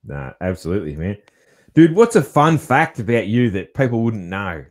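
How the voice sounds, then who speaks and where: An Australian man hosts a podcast, chatting laid-back with his guest in a casual interview and saying "man" a lot. His voice is fairly low, very animated, at a moderate pace.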